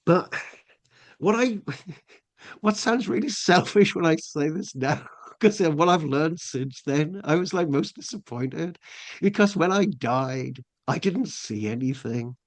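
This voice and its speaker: Appearing as a guest on a podcast, a middle-aged Englishman rambles through a lengthy personal story full of fillers and restarts. He speaks a little slowly in a slightly high, expressive voice.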